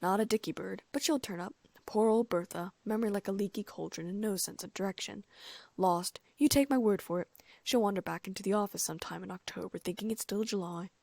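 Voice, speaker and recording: A woman voicing a jovial, blustering middle-aged male official, loud and chummy in manner. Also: medium pitch, a little fast, gravelly, no room sound.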